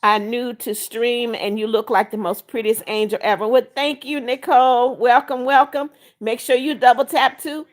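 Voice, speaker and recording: A woman's voice: on the high side, fairly even intonation, normal speed, hardly any pauses. An older woman hosting a live stream, reading viewer comments aloud, greeting people by name and firmly scolding rule breakers. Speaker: livestream host.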